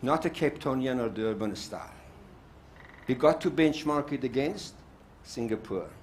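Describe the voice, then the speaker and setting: This is an impassioned summit speech from an older South African man on a panel, outspoken and emphatic, with points repeated for force. His medium-pitched voice has lively intonation and a moderate pace. There's slight background noise.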